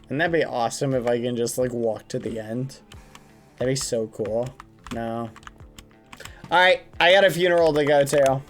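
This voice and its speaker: A streamer in casual live-stream gaming chat, talking straight to viewers and swinging from groans to high shrieks. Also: moderate pace, long pauses, faint music behind.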